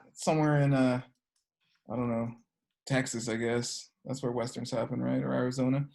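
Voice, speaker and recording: An energy work teacher giving a casual class, chatty and peppered with filler words, acting out characters in the stories. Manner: chatty, peppered with "like" and "you know"; acts out characters with sudden pitch jumps. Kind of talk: casual class talk with storytelling.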